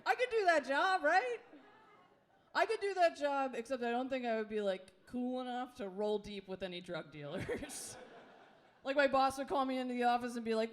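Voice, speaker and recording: A woman's voice: sits high, lively intonation, moderate pace. A woman in her late thirties with a Philadelphia accent doing a live stand-up set, chatty and self-deprecating, laughing through her lines. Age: late 30s. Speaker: stand-up comedian. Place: comedy club stage.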